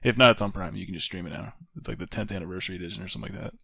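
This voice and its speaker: A man co-hosting a podcast, relaxed and joking in casual chat. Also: low voice, very fast, gravelly, slightly rough, dry recording. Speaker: podcast co-host.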